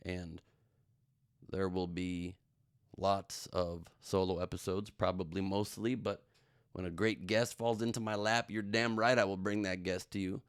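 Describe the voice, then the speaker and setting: A man's voice: low-pitched, steady tone, measured pace, clean tone, no echo, studio quality. A middle-aged man hosting a solo comedy news podcast, rambling through jokes and self-mocking asides. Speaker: podcast host.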